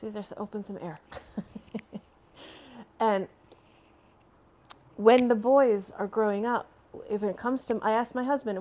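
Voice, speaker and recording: A woman's voice: medium pitch, measured pace, pauses often, a little mellow. A woman hosting a casual live stream from home, rambling and chatting as she answers viewer comments, laughing often between phrases.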